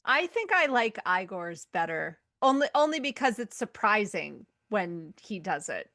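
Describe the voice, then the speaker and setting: A woman's voice: medium pitch, sing-song, measured pace, sharp tone, no echo, studio quality. A woman co-hosting a casual podcast chat who weighs her choices aloud. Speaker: podcast co-host.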